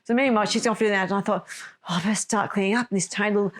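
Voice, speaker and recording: A woman's voice: mid-range voice, steady tone, fast, slight background noise. A woman telling a personal story on a podcast, rambling and correcting herself as she goes. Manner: rambling, self-correcting, emotional retelling. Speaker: podcast host.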